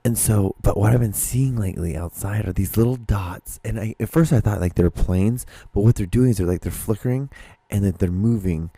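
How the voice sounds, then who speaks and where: Guy doing a solo podcast, deep mellow voice, rambles and swears, super dry close sound. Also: brisk, slightly rough, no echo. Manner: rambling, many restarts and swearing. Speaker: podcast host. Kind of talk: casual solo monologue.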